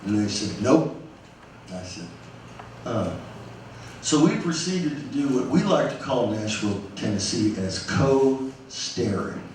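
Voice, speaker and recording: A man telling a story on stage in a small music club, animated and emphatic, acting out the dialogue with others as he goes. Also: medium pitch, normal speed, hardly any pauses, a little hiss or hum. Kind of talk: live onstage storytelling. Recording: echoey live club from a distant mic.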